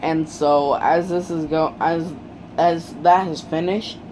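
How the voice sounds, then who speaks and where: A storyteller casually retelling a fan story, halting often with ums and restarts. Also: medium pitch, fairly even intonation, noisy background.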